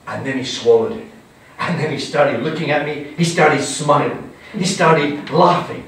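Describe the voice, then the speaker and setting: A man leading a live whisky tasting, telling stories with theatrical, animated flair. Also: fairly high pitch, normal speed. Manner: theatrical, animated storyteller acting out his stories. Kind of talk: live tasting talk with anecdotes. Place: indoor event venue with an audience. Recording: very echoey room, distant, faint hum.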